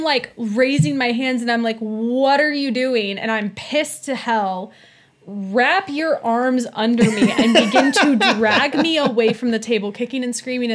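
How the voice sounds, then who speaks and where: A young woman in her twenties, a podcast guest, telling a story in casual chat, animated and laughing often. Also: fairly high pitch. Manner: animated, laughing, acts out quotes.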